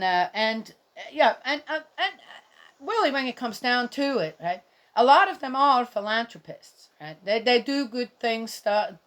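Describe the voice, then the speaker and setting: Middle-aged woman, somewhat high voice, indignant, rambling, casual scripture commentary. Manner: indignant, rambling, talks to viewers directly. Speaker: bible reading vlogger.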